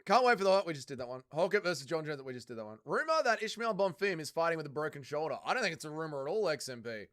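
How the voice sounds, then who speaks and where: Joking, profane Australian streamer. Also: male voice, a little high, very animated, racing, a bit bright. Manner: profane, joking, answers chat. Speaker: livestream host. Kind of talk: casual fight watch-along commentary.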